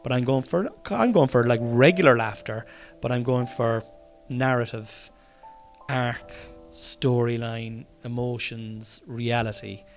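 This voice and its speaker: A man's voice: mid-range voice, takes it slowly, soft background music. An Irish man hosting his own podcast in a rambling, tired, casual diary style, swearing often and restarting sentences. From Ireland. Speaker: podcast host.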